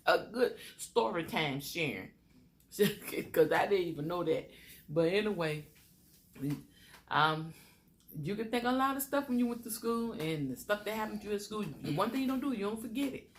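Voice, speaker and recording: A woman's voice: medium pitch, a little hiss or hum. A middle-aged woman, hosting a casual chat and laughing as she tells a story. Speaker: channel host.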